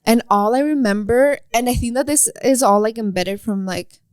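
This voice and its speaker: A woman's voice: fairly high pitch, moderate pace, smooth, no echo, clean studio sound. Chatty woman telling a story. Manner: animated, heavy use of "like", breaks into laughter. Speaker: podcast co-host. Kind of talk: casual storytelling chat.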